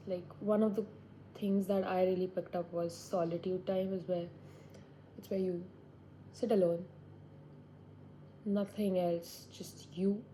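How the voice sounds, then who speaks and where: Sitting indoors by a window, a vlogger in her twenties muses to herself in a reflective, rambling monologue. Her mid-range voice has a warm tone. The audio is poor, with slight background noise.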